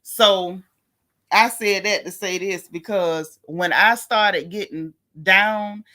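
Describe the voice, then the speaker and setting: This livestream host has a clear, bright, mid-range voice and speaks slowly. Chatty and conversational, she shares frank, heartfelt thoughts on faith and stops now and then to welcome viewers by name.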